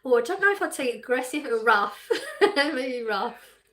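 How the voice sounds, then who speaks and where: A woman with a slightly high voice hosts a casual livestream chat. She reads viewers' comments aloud and answers them, laughing often as she goes. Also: lively intonation, measured pace, sharp tone.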